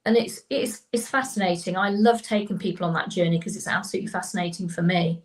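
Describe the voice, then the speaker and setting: A woman's voice: lowish voice, fast, poor audio. Enthusiastic woman explaining, casual co-host. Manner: enthusiastic, explanatory, laughs easily. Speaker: tarot reader and co-host. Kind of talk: casual live-stream chat.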